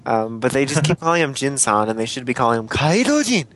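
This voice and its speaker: A man's voice: medium pitch, fast, fairly bright tone. A man co-hosting a casual podcast about cartoons, rambling and apologizing for his own tangents. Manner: rambling, self-deprecating, apologetic. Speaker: podcast co-host.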